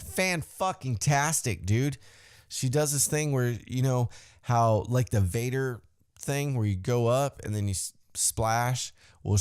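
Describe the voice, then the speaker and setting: A man hosting a podcast, recapping a wrestling show in a casual, profane way and acting out the wrestlers' lines in a higher voice. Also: darkish tone, no echo, studio quality. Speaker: podcast host.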